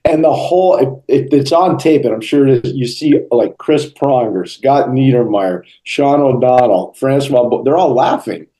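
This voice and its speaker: A middle-aged man in an interview, telling lively stories and acting out the quotes. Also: medium pitch, unhurried, few pauses, low-quality recording. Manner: animated storyteller, acts out quotes. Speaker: interview guest, hockey broadcaster. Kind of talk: storytelling interview answers.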